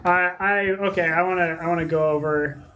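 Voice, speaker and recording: A man playing in a tabletop game, excitable and prone to stammering restarts. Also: a little high, brisk, slight background noise. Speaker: player. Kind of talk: casual tabletop play.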